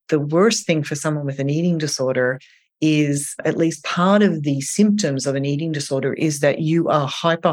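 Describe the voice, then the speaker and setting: Guest clinician, earnest and gentle, explains step by step, mid-pitched voice. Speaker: eating disorder clinician guest. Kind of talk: advice in an interview.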